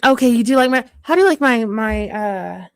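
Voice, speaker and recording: A woman's voice: a little high, lively intonation, brisk, smooth, no room sound, studio quality. A woman streamer chatting casually with her live viewers in a chatty, self-deprecating way.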